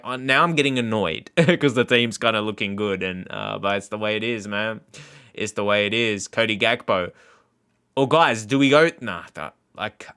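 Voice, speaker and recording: This man's mid-range voice is bright, forceful and smooth. Hosting a gaming video, he chats loosely and rambles, laughing frequently while guiding viewers through play in casual commentary.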